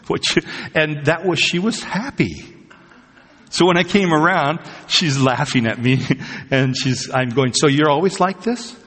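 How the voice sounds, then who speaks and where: A pastor preaches in a chatty, conversational way, telling everyday stories with laughs and asides. His voice sits on the high side with a fairly bright, breathy edge, and he speaks a little slowly. The recording carries a long hall reverb.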